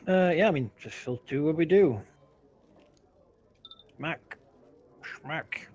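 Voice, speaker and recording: A man talking as a player in a tabletop game, joking through quick banter. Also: fairly high pitch, expressive, mellow, highs cut off. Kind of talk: casual tabletop game talk.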